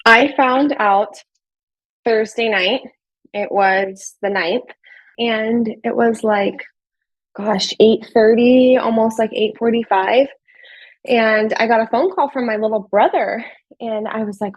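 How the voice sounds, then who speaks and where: A woman's voice: a little high, normal speed, husky, no echo, poor audio. A woman telling her story as an interview guest, talking casually with lots of "like" and acting out what people said. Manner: chatty, fills with "like", acts out quoted dialogue.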